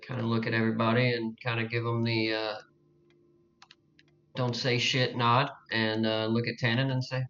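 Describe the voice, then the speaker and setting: A man playing in a tabletop game, talking in a relaxed, joking way. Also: medium pitch, moderate pace, highs cut off, slight background noise. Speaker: player. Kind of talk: casual tabletop game play.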